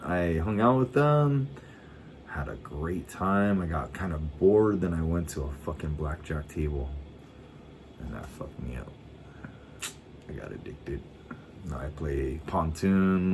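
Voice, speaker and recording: A middle-aged man with a very low voice, talking in a laid-back, rambling way. He swears casually and trips over his own words as he restarts sentences. Faint ambient noise sits behind him. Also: unhurried, a little mellow. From United States. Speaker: vlogger. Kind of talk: casual chat.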